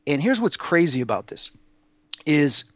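This man has a sing-song voice on the high side and keeps a measured pace. The audio is dry with the highs cut off. In a casual interview he shares personal experiences, telling earnest, rambling stories with many fillers and restarts.

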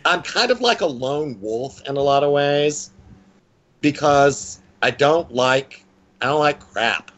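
A man's voice: on the high side, expressive, takes it slowly, fairly bright tone, muffled recording. A man in his sixties, a psychic guest in a casual interview, talking in a blunt, playful and self-mocking way. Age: 60s.

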